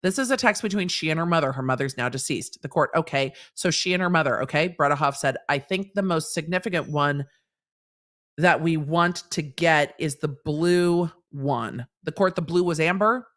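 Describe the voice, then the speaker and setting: A woman's voice: deep voice, moderate pace, a bit bright. Blunt, sarcastic woman lawyer host. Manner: sarcastic, blunt, lecturing with everyday examples; swears casually. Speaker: lawyer commentator and show host. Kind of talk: reading court transcripts aloud with live commentary.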